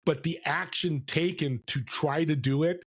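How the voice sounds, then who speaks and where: A man telling stories as a podcast guest, lively and acting out the voices of people he quotes. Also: on the high side, measured pace, husky. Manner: animated storyteller, acts out quoted voices. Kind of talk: storytelling interview. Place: California.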